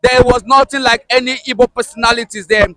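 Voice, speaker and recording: A male journalist asking measured questions in a street interview and pressing on over interruptions. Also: extremely high pitch, fairly even intonation, creaky, sharp tone, no room sound, low-quality recording.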